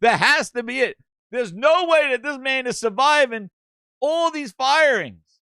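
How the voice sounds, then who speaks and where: An excitable man hosting a gaming show. His voice is high and bright, and it swings wildly in pitch as he jokes and swears. The recording is close and dry. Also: unhurried, clean tone, no room sound. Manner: excitable, profane, joking. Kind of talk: casual comedic chat.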